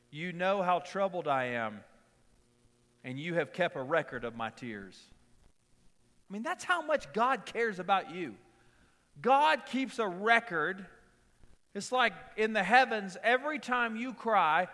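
A middle-aged man preaching a sermon in a conversational way, repeating key lines and telling quick personal stories. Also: high voice, fairly bright tone, big-room sound. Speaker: pastor.

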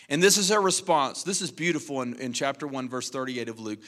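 Pastor guy preaching, bright forceful voice, goes loud then quiet, long echo in a big church. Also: medium pitch, a little fast, hardly any pauses. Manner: animated storytelling, swinging from loud to quiet. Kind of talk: sermon.

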